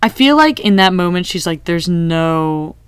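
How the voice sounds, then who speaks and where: A woman chatting casually about a TV episode, animated and acting out quoted lines. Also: medium pitch, brisk, clear, resonant tone, dry recording. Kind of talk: casual TV recap chat.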